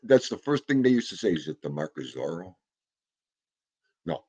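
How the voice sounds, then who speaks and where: Husky, low-voiced man in his fifties. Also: very animated, normal speed, dark tone. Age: 50s. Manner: rambling, jokey, talks to his dog. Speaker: vlogger. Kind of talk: casual chat.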